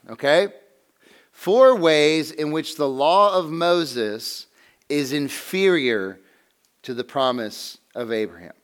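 A man teaching a Bible lesson to a class in a conversational way, asking questions and slowing down to stress key phrases. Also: on the high side.

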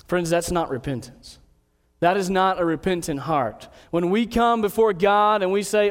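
High-voiced man preaching in a hall. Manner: earnest preaching, slows to read scripture aloud. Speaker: pastor. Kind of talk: sermon.

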